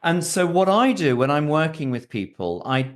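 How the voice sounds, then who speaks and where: A man with a British accent, a voice coach explaining his methods in an expressive, coaching way during a podcast interview. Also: normal speed. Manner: expressive, coaching tone with lively pitch. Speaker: executive voice coach.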